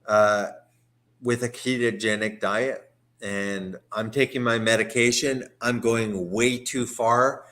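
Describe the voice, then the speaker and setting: A man's voice: lowish voice, steady tone, takes it slowly, a bit bright. A man on a live-stream video call, rambling and swearing angrily, sounding sedated from medication. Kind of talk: heated live chat.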